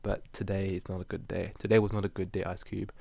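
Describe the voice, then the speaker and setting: Young male podcast host, low gravelly voice, loose filler-heavy rambling. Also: little pitch movement, quick pace, darkish tone, no echo. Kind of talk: casual rambling solo podcast.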